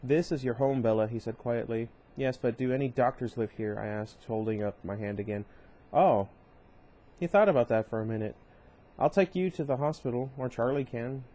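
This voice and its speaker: A man's voice: mid-range voice, a little fast, dark tone, rough recording. A man reading a novel aloud in a casual way, stopping now and then to comment and correct himself. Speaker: reader of a novel. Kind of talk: casual read-aloud with asides.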